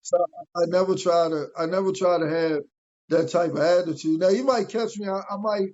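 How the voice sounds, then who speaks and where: A man from New York with a high voice talks as a podcast guest, restarting his phrases with repeated words. The sound is dull and lo-fi. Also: a little mellow. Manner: halting, repeats words as he starts sentences. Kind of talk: casual podcast chat.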